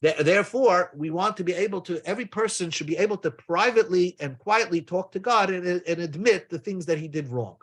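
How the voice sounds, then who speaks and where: Speaking a little fast with hardly any pauses, this Talmud teacher has a high, slightly bright voice. His daily lesson moves step by step, blending casual remarks with plenty of Hebrew and Aramaic.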